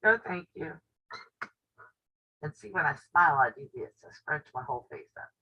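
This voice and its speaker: A woman's voice: sits low, animated, moderate pace. A woman with a drawl chats through a casual live stream from home, spinning stories and laughing often. Her voice reaches the camera on the table with a dull, lo-fi sound. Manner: chatty storyteller who laughs often. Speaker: quilting channel host. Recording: dull lo-fi audio.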